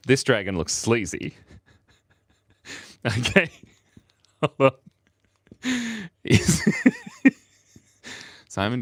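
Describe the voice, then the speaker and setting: A man's voice: fairly low pitch, fairly bright tone, dry recording. A man live-streaming his drawing, chatting in a rambling, playful, self-mocking way and often chuckling. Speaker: livestream artist. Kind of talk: casual live-stream chat while drawing.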